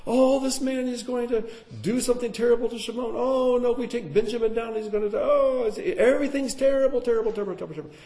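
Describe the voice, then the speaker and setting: A man's voice: extremely high pitch, fast talker, few pauses, mellow, voice pushed up. A man voicing panicky grown brothers in an exaggerated, wailing tone. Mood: fretting. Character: panicky fretting biblical brothers, grown men.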